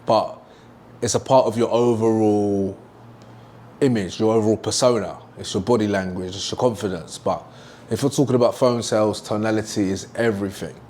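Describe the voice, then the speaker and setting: Young man, sales trainer, emphatic, repetitive, lowish voice, whiteboard lesson. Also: steady tone, normal speed, darkish tone, slight background noise. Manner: emphatic, repeats key points.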